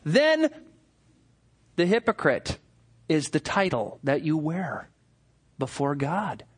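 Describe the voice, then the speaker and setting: A man preaching a sermon, talking animatedly and mocking hypocrites with quick impressions. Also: high voice, fairly bright tone. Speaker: pastor.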